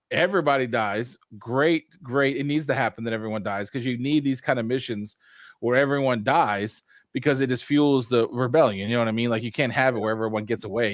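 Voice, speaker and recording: A man hosting a casual review chat, animated and acting out scenes in little voices. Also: mid-range voice, no echo, clean studio sound. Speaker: host.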